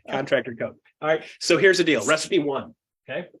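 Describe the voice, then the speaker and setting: A man leading a live seminar for real estate agents, energetic and blunt, swearing casually, laughing often and checking in with "right?". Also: a little high, unhurried, breathy edge. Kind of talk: live seminar talk to an audience.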